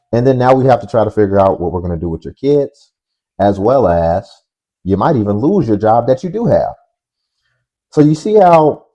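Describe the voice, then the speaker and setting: A man's voice: lowish voice, warm tone. A man hosting a reaction commentary, lecturing and reasoning step by step in dull, lo-fi audio. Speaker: commentary host.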